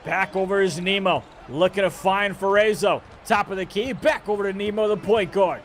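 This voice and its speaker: High, energetic play-by-play caster man. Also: normal speed, slight background noise. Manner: energetic, jokey, rising to shouts on big plays. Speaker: esports basketball play-by-play caster. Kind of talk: live esports play-by-play.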